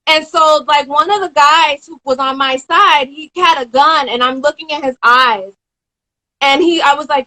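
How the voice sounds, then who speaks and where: On a casual live-stream chat by phone or video call, the guest, a woman in her twenties, shares a story in a lively way and acts out the people she mentions. She has a high voice, captured on poor audio.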